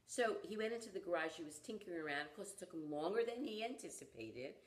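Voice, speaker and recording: A woman who teaches parenting, telling a story in conversation and acting out the people in it with lively expression. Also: fairly low pitch, quick pace. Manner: animated storyteller who acts out the people in her stories. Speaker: parenting educator. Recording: roomy echo.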